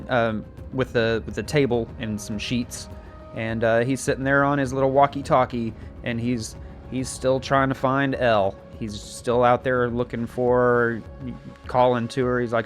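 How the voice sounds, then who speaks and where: A young man casually recapping a TV season, rambling and joking with plenty of filler words. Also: mid-range voice. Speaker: show recapper. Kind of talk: casual plot recap with acted quotes.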